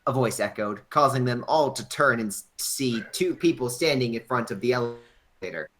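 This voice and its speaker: A man's voice: mid-range voice, lively intonation, normal speed, fairly bright tone. A man narrating a fan script aloud with a casual, stumbling delivery and frequent restarts. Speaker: narrator and reader.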